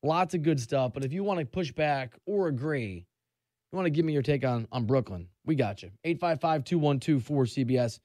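A man's voice: mid-range voice, animated, fairly quick, darkish tone, no room sound, studio quality. A man in his forties hosting a sports radio show, chatty and opinionated in a casual monologue. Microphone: studio microphone.

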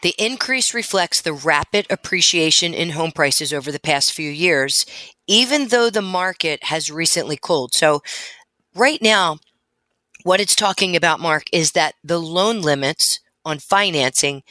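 A woman's voice: sits low, animated, measured pace, bright, forceful tone, dry recording. A woman co-hosting a talk radio show, explaining mortgage rates and loan figures. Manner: informative, reads out figures. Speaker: radio co-host, mortgage expert.

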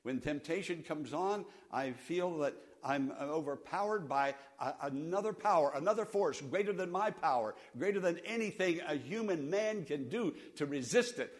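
A middle-aged pastor preaching a sermon, repeating lines and leading the congregation in call-and-response, swinging from loud emphasis to soft, low passages. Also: male voice, lively intonation, normal speed.

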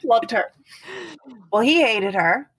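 A woman in her fifties, a guest speaking about partner abuse in a casual podcast conversation, earnest and animated, acting out the people she quotes. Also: a little high, takes it slowly, slightly rough. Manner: earnest, animated storyteller who acts out quotes.

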